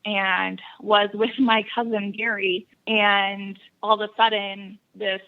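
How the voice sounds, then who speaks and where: A woman's voice: mid-range voice, takes it slowly, narrow, tinny audio. A woman from Wisconsin, a podcast guest telling hunting stories in a casual interview, laughing often. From Buffalo County, Wisconsin. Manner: laughs often, lively storyteller.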